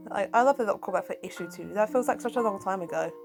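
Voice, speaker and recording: A woman reviewing a comic book, recapping it in a chatty, animated casual way. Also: medium pitch, very fast, creaky, music in the background, rough recording.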